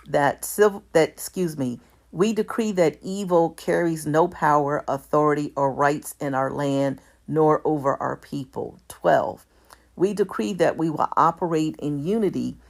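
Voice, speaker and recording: Woman, low voice, unhurried document reader, steady and careful, with small self-corrections. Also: creaky. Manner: reads out formatting marks like "all caps" and "lowercase"; measured, deliberate delivery with small self-corrections. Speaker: commentator. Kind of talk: reading a document aloud.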